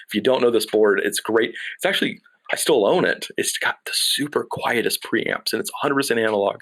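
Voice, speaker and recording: A man in his thirties, a production sound mixer, telling a career story in a casual interview with an animated, anecdotal manner. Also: medium pitch. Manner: lively anecdotal storyteller, acts out dialogue.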